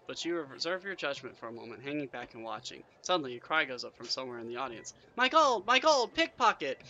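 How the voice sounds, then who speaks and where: A man's voice: mid-range voice, pushed and bright, poor audio. A man reading a fantasy gamebook aloud, narrating in second person with chatty asides. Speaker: gamebook player and reader.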